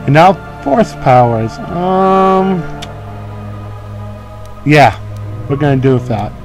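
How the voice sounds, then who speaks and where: A man's voice: on the high side, animated, slow pace, darkish tone, faint music behind, low-quality recording. A man giving casual, joking commentary while playing a video game, often laughing at himself. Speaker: let's play host.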